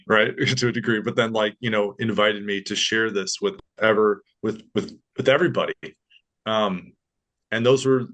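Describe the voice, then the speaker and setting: Young male podcast guest, slightly low pitch, animated storyteller who jumps into other people's voices. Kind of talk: casual storytelling.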